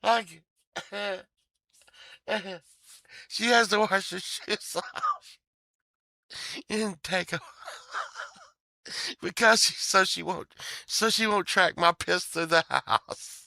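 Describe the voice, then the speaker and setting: A man's voice: high voice, extremely slow, vocal fry, long pauses, bright, forceful tone, dry recording, clean studio sound. A middle-aged man telling a rambling, profane story in a casual way, often laughing and trailing off.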